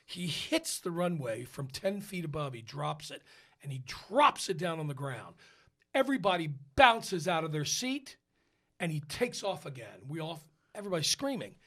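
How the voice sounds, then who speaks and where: A man's voice: a little high, normal speed. An American man, an opera tenor, telling a casual story on a podcast and acting out the people he quotes. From United States. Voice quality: animated storyteller who acts out quoted voices. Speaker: podcast co-host.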